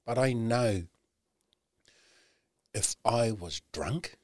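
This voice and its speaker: A middle-aged man, a podcast guest, candidly telling a personal story, swearing often and halting with many "you know"s. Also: medium pitch, animated, darkish tone, dry recording, studio quality.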